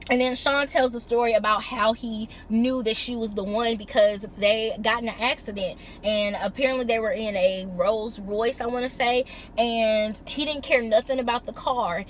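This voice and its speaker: A woman's voice: on the high side, slight background noise. A woman recapping a reality TV episode in a casual, chatty way, mixing summary with blunt, sassy opinions. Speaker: reality TV reviewer.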